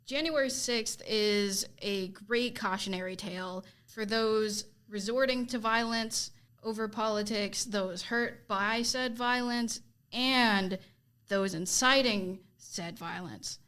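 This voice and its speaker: A woman's voice: fairly high pitch, a bit bright, smooth. A teenage girl reading scripted closing remarks for a school project podcast, earnest with hesitant fillers. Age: teens. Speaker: student co-presenter.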